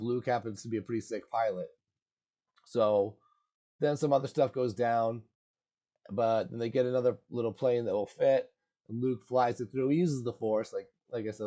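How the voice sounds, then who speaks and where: A man's voice: mid-range voice, normal speed, warm tone. A man giving a casual, slangy movie recap in a laid-back way, full of filler words.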